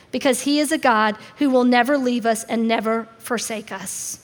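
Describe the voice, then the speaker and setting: High-voiced woman preaching in a hall. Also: normal speed, hardly any pauses. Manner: conversational, acts out quotes with shifting pitch. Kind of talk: sermon. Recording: long reverb of a large hall.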